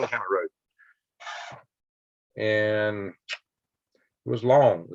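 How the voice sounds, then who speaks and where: A man from Alabama hosts a casual livestream, chatting with viewers and rambling through stories with sound effects and chuckles. His voice is on the low side, slow, with long pauses, and the home stream audio is dry, dull and lo-fi with no room sound.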